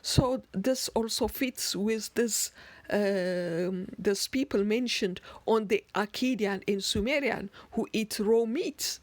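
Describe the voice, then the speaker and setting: A woman slowly explaining word origins in a lecture, deliberate, with occasional restarts. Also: mid-range voice, no room sound. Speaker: narrator.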